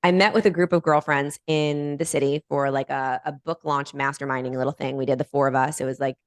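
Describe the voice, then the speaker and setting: A woman guest on a podcast telling a personal story in a lively, animated way. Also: a bass voice, a little fast, no room sound, studio quality. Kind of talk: storytelling in conversation.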